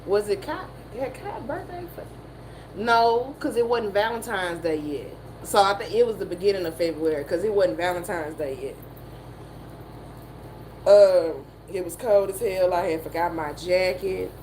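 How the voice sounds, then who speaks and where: A woman with a Southern American accent, telling a story in a profane, animated way and laughing often. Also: on the low side, moderate pace, slight background noise, low-quality recording. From Southern United States. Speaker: motivational streamer. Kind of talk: casual storytelling chat.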